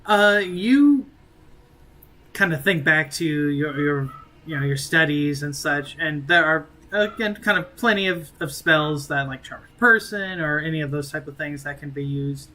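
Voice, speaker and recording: A man's voice: fairly high pitch, unhurried, sharp tone, low-quality recording. A man narrating as game master of a tabletop game, loose and hedging with fillers.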